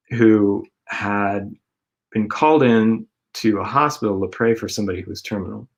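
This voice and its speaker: Male co-host, lowish voice, earnest and rambling faith talk. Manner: earnest, rambling, filler-heavy.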